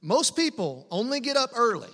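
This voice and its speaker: A man preaches in a lively, conversational way, throwing asides to his listeners. His voice sits high and sounds bright and forceful. The sound carries a long reverb from a church hall. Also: moderate pace. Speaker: pastor. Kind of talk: sermon.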